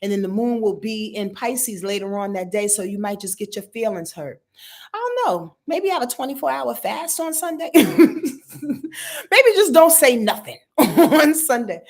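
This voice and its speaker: A woman with a fairly high voice gives astrology readings on a live stream. She talks in a casual, informal way, laughing often and talking straight to her viewers. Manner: informal, swears now and then.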